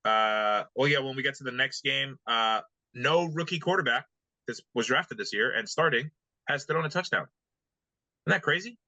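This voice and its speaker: A man with a bright, forceful voice runs through the week's scores in loose podcast banter, cursing freely and stalling on ums and uhs. The sound is dry and close to the mic. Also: medium pitch, normal speed, dry recording, rough recording. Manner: relaxed, swears often, many ums and uhs. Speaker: podcast co-host recapping games. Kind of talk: casual sports podcast banter.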